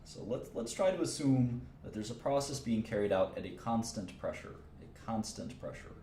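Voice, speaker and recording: A man with a very low voice works through a chemistry lecture, thinking aloud and repeating himself as he goes. The sound is roomy and echoey, with a faint hiss of noise behind him. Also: lively intonation, normal speed, dark tone. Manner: thinks aloud, repeats phrases, casual asides. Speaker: chemistry teacher. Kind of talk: informal livestream lecture.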